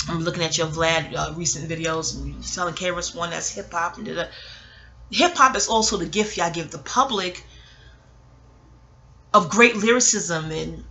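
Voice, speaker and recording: A woman from Queens, delivering a rambling, digressive and emotional monologue about a film. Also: fairly low pitch. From New York, Queens. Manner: digressive, emotional, expressive, swears casually. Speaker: vlogger reviewing a film. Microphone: audio-only recording.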